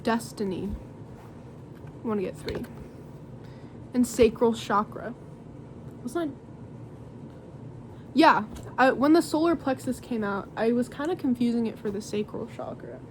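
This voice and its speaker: Young woman tarot reader, casual and giggly, meandering delivery, slightly high voice, light background hiss. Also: animated, a little slow, long pauses. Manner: rambling, giggly, filler-heavy. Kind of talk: casual tarot reading to camera.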